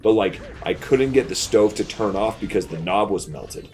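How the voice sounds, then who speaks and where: A man's voice: on the low side, normal speed, faint music behind. A man hosting a game playthrough, telling a long story casually and laughing through it. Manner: animated, laughs through his own story. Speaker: let's play host. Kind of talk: casual storytelling over gameplay.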